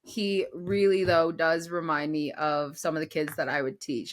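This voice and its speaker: A young woman co-hosting a casual racing recap, expressive and animated as she talks. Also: low voice, normal speed, few pauses. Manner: expressive, animated, mimics voices. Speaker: podcast co-host. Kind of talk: casual sports recap chat.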